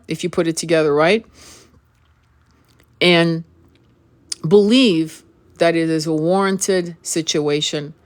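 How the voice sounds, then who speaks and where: A woman host talking straight to the viewer in an impassioned monologue. She is earnest and pleading, repeats and restarts her words, asks direct questions, and breaks off now and then to cough from an irritated throat. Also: fairly low pitch. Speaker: spiritual reader and channel host.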